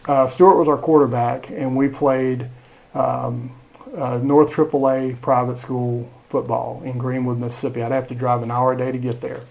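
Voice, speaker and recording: A middle-aged man, a school superintendent telling lively stories in a podcast interview. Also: mid-range voice, moderate pace, creaky, lo-fi sound. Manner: animated storyteller, acts out quoted dialogue.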